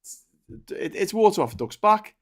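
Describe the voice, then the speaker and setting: A man's voice: sits high, lively intonation, normal speed. Chatty rambling male talk-show host. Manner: chatty, rambling, swears and laughs. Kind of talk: casual political chat show.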